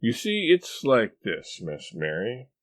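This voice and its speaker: A pompous, eccentric know-it-all husband holds forth in long, drawn-out lectures, as a man reads him. His voice sits deep and low but bounces with lively ups and downs, with a self-satisfied air. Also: no room sound, studio quality. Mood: lecturing.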